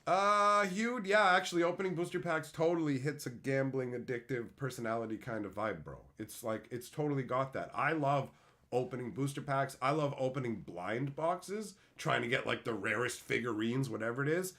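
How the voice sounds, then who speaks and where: Medium pitch and moderate pace mark this male streamer's voice. Talking casually with his live audience, the entertainer is lively and profane, with frequent laughter.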